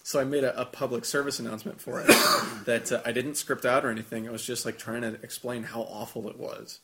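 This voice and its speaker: A man on a podcast, rambling and animated in casual chat, swearing freely. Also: mid-range voice, fairly quick, very noisy.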